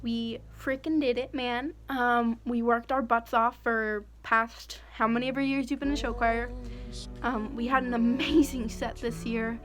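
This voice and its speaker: Teen girl, choir senior, high-ish voice, casual, music clearly behind. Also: steady tone, unhurried, fairly bright tone. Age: teens. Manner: casual, upbeat, slangy. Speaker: graduating show choir senior.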